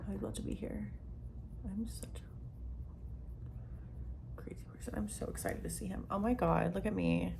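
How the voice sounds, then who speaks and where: A young woman vlogger rambles casually through a makeup tutorial, her medium-pitched, gravelly voice carrying a dark tone at normal speed. She pauses often, leans heavily on "like" and other fillers, swears now and then, and sometimes sinks to a near-whisper.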